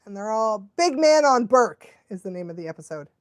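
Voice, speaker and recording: A woman's voice: medium pitch, very animated, a little fast, no echo. A woman dog trainer hosting a casual watch-along live stream, chatty and laughing often, cooing baby talk at a dog now and then.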